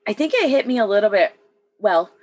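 A woman's voice: mid-range voice, lively intonation, fairly quick. A woman veteran telling a war story matter-of-factly in casual conversation, with short laughs. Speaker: military veteran.

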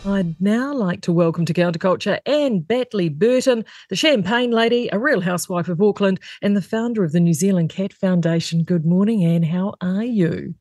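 A woman's voice: medium pitch, normal speed, few pauses, dry recording, clean studio sound. A woman hosting a radio interview show, talking in an effusive, chatty way. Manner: warm, effusive chat.

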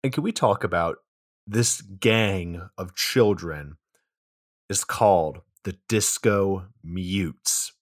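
Deep-voiced man recapping a movie. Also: takes it slowly, dry recording, studio quality. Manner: casual, swears freely, laughs mid-sentence. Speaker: podcast co-host recapping a film. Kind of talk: casual movie recap chat.

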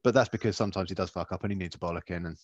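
Man, podcast co-host, low voice, laughs often, dry dull sound. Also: racing, dry recording. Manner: laid-back, swearing, laughs often. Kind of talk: casual chat.

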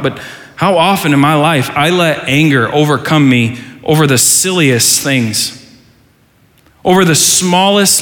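A middle-aged man preaches in a church sanctuary, his voice sitting a bit high. He is animated and rises into mock outrage in his asides. The sound rings out in a long hall reverb. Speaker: pastor. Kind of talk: sermon.

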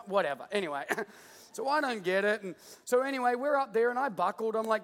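A middle-aged Australian pastor preaches a sermon, wandering off into jokes and stories and acting out different voices. He speaks a little fast in a high, fairly bright voice, and the hall adds a long reverb.

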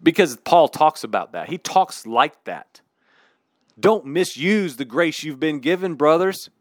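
A man preaching a sermon in an emphatic, candid, animated way. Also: fairly high pitch, unhurried, no echo, studio quality.

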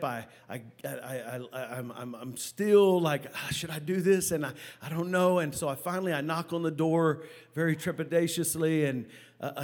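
Animated preacher man telling a story. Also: on the high side. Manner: animated storytelling with halting repetitions. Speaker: pastor. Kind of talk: sermon.

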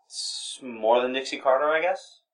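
A man's voice: medium pitch, normal speed, fairly bright tone. A man co-hosting a podcast, laid-back and teasing, reading out news items in casual chat. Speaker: podcast co-host.

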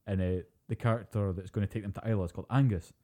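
Male co-host, sweary and animated, low, warm voice. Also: racing. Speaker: podcast co-host. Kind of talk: casual chat.

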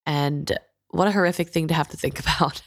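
A woman's voice: sits low, steady tone, a little fast, no echo, clean studio sound. A woman co-hosting a podcast, reflecting on a book chapter and asking questions. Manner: reflective, inquisitive. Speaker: podcast co-host. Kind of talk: casual chat about a book.

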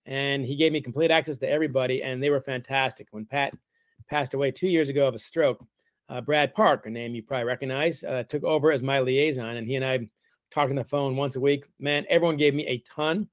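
A middle-aged man, a guest author, telling stories in a wry, animated way during a casual interview. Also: medium pitch, a little fast, no room sound.

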